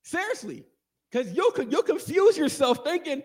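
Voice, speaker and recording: A man preaching a sermon, animated and joking, asking the congregation questions and answering them. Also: very high voice, moderate pace. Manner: animated, call-and-response, jokes with congregation.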